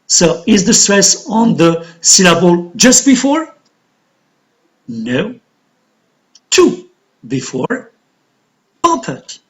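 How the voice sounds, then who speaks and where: A man with a high, animated voice walks a class through word stress. He talks at an unhurried pace and counts syllables out loud, one by one. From Algeria. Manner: slow, deliberate explanation, counting syllables aloud. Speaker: English teacher.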